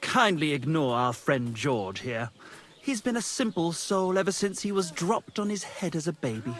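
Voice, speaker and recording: An actor playing a pompous, lovesick young poet in a video game, speaking theatrically and pedantically. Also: male voice, a little high, very animated, moderate pace, a bit bright. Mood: haughty.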